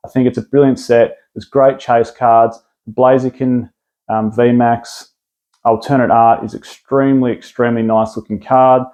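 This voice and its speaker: Australian male host, mellow tone, chatty and rambling with restarts, keen on his picks. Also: medium pitch. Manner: rambling, enthusiastic, lots of restarts and fillers. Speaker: card collecting video host. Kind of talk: casual product rundown.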